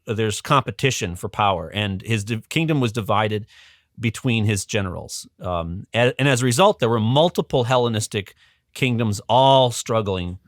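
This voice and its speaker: A man's voice: lowish voice, normal speed, dry recording, studio quality. A man as a guest educator, explaining history in a casual, conversational way with frequent ums and restarts.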